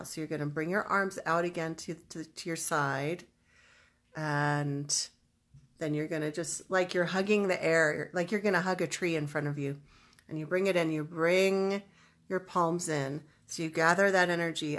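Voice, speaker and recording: Low-pitched lady walking folks through an energy release exercise, calm and slow, leans into the affirmations. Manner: slow, soothing, emphatic declarations. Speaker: spiritual teacher. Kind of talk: guided energy practice instruction. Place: home, livestreamed online event. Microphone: webcam or computer mic.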